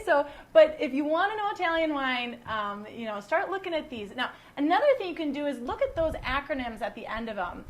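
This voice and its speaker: A woman from the United States hosting a casual online wine class, chatty and full of teasing jokes. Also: high-pitched. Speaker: wine educator and host.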